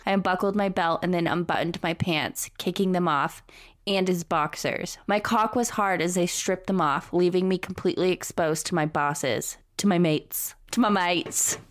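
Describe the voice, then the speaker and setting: A woman's voice: on the low side, normal speed, no room sound, clean studio sound. A young woman co-hosting a podcast, reading a romance novel aloud and often breaking into laughter. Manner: reads dryly, breaks into laughter. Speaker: podcast co-host.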